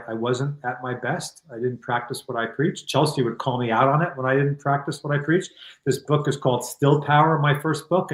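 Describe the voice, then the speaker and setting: A middle-aged man speaks as an interview guest, calm and reflective while he tells a candid story. His voice sits at an ordinary pitch. The call sound is roomy, with a clear echo around him. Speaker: guest author. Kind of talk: conversational storytelling.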